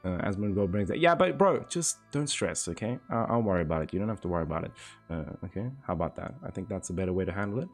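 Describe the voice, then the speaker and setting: A man's voice: deep voice, expressive, faint music behind. A man in his twenties chatting casually on a live stream, laid-back and swearing freely as he tells stories. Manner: laid-back, swears a lot, spins stories with quick voice impressions. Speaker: game streamer.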